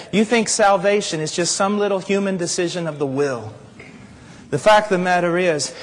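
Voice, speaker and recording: A man preaching a sermon, animated and rising to shouts as he acts out scenes. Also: very high-pitched. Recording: long reverb of a large hall.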